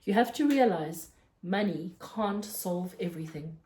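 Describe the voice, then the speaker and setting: A woman reading aloud, voicing a kindly, fussy middle-aged male newsagent who talks in a gentle, fatherly, earnest way. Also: lowish voice, animated, a little slow. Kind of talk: storybook read-aloud.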